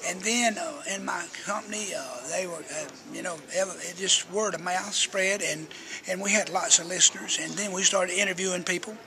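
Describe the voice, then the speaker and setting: An older man tells rambling, folksy stories as a guest, slipping into the voices of people he quotes. His voice sits high and has a gravelly rasp. Crowd chatter carries clearly behind him. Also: moderate pace. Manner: folksy, chatty storyteller who acts out quotes. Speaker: interview guest, radio personality. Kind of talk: rambling storytelling interview.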